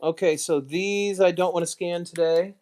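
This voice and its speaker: A man hosting a casual live stream, muttering to himself while sorting items and throwing quick asides to the chat. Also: sits high, fairly even intonation, darkish tone.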